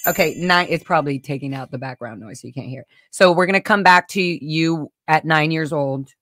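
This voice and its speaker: A woman hosting a casual conversational chat, talking animatedly in quick bursts with frequent restarts and some swearing. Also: deep voice, fairly bright tone, no echo, clean studio sound. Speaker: podcast host.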